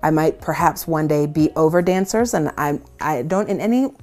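A worship leader speaks at normal speed in a low, slightly mellow voice, with faint music in the background. During a casual interview she laughs frequently while telling stories at her own expense.

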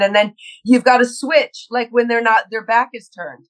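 A middle-aged woman, a guest actress, chatting in an interview and telling lively stories about her work, acting out her own nervous thoughts with laughs and restarts. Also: a little high, normal speed, few pauses, low-quality recording. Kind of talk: casual interview chat.

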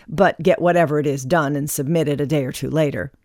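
Woman w a low voice doing a wry chatty self-help talk, dry close sound. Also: fast, dry recording. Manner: wry, chatty, lively asides. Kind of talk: scripted self-help monologue.

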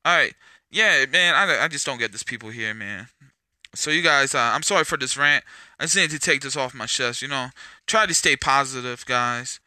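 Guy venting on his podcast, rambly and sweary, super bright sharp voice, bone dry sound. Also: mid-range voice, normal speed, dry recording. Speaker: podcast host. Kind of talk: casual solo podcast rant.

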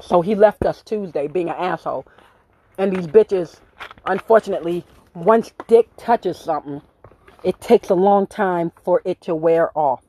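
A woman hosting a podcast, telling a story in a blunt, profane, animated way with acted-out quotes. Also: on the low side, a little slow. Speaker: podcast host. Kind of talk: casual storytelling monologue.

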